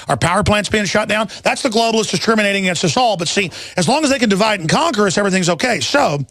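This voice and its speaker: A man's voice: a bit bright, no room sound, clean studio sound. A man hosting a talk show, delivering a ranting, sarcastic political monologue with sudden jumps in his voice. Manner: ranting, sarcastic, frequent restarts and pitch jumps.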